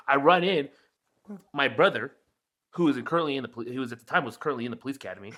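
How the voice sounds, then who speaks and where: A young man co-hosting a podcast in casual chat, telling stories with animated, swearing acted-out quotes. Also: racing. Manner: animated, acts out quotes with big jumps in pitch and swearing. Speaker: podcast co-host.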